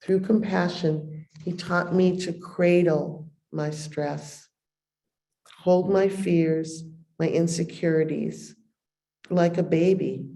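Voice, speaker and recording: Slow, mellow woman guiding meditation. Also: on the low side, fairly even intonation, vocal fry. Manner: soft, unhurried guiding with long pauses. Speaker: meditation teacher. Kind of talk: dharma talk with guided meditation. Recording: roomy echo.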